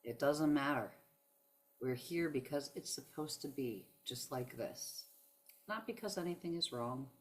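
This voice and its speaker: A woman with a low voice speaks slowly in a heartfelt spiritual self-help monologue. She is emphatic and preachy, and emotion shows through her words as she addresses listeners as "y'all.". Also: lively intonation.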